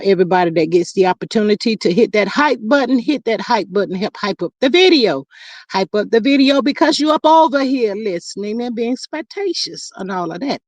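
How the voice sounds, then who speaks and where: A woman hosting a casual live stream, chatting with viewers and reading their comments aloud in a lively, drawn-out way. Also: no room sound. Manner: chatty, lively, drawn-out greetings, sudden high exclamations.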